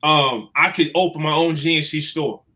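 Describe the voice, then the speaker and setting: Man, bright tone, slightly high voice, animated storyteller, casual chat. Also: moderate pace. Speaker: guest.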